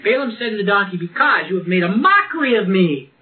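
A man's voice: high voice, very animated, fast. A man preaching a sermon and reading from the Bible, talking conversationally with frequent laughs and restarts. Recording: tinny lo-fi recording with faint hiss.

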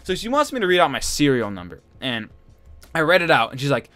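A man's voice: fairly high pitch, very animated, fast, fairly bright tone, no echo, soft background music. A young man hosting a gaming channel, telling a rambling, exasperated story over gameplay and swearing often.

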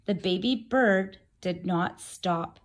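A woman's voice: on the low side, slow. A woman reading a picture book aloud to children, breaking off for chatty asides to her listeners. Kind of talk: read-aloud storytelling for kids.

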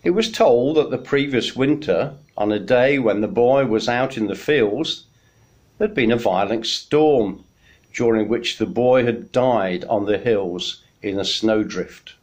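Slow, unhurried male minister. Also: medium pitch. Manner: unhurried storytelling, gentle pauses. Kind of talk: midweek sermon message.

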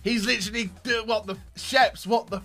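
A man giving gaming commentary as he opens packs, excitable, dropping to low muttering and then bursting into shouts. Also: moderate pace, faint music behind. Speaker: gaming YouTuber. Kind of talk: pack-opening gaming commentary.

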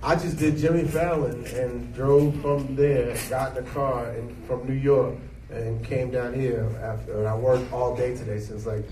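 Animated man in his forties, echoey hall. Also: medium pitch, moderate pace. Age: 40s. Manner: animated, jokey storyteller. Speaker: actor guest. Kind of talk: casual interview. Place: event hall with an audience. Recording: echoey hall, distant mic, noise.

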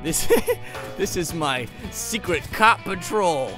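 A man voicing a self-important frog police officer in a slow, low, mock-tough drawl. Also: animated, over music.

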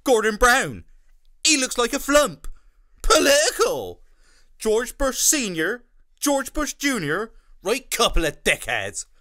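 A boorish male comedian swears freely and barks one-word punchlines. His voice is bright and bouncy, with rough, ungrammatical speech, played by a man. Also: extremely high pitch, wildly swooping pitch, takes it slowly, exaggerated voice. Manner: coarse dialect grammar, swearing, shouting punchlines.

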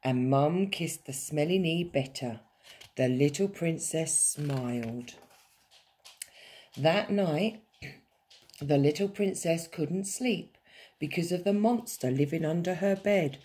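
A woman teacher reading a children's story aloud with expressive storytelling. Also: low-pitched, slow, slightly rough.

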